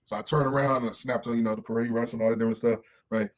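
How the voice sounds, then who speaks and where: As a podcast interview guest, a man in his thirties talks fast in a medium-pitched voice. He shares candid, animated stories, cursing freely and imitating other people's voices.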